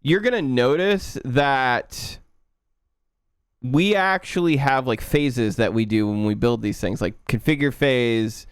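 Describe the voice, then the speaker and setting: A man with a Southern accent, explaining his build step by step to his live stream chat in a relaxed way. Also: mid-range voice, takes it slowly, smooth, no echo, studio quality. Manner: relaxed, explaining, muttering to himself. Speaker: livestreaming programmer.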